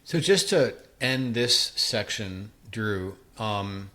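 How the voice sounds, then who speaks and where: A man's voice: lowish voice, expressive, slow pace, sharp tone. A man co-hosting a podcast, sharing chatty anecdotes and asking short questions. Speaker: podcast co-host. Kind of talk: casual podcast conversation.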